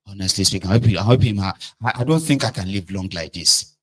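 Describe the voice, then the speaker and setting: A man's voice: lowish voice, quick pace, hardly any pauses. A middle-aged Nigerian man with a Nigerian accent, talking through a casual monologue and slipping into Pidgin asides. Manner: animated, acts out shouted scenes, Pidgin asides. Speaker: vlogger.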